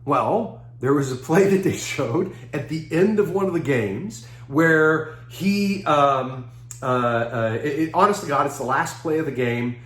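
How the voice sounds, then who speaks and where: A man giving a seminar talk, telling lively anecdotes with chuckles and acting out what people said. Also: on the high side, measured pace, echoey room. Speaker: seminar speaker.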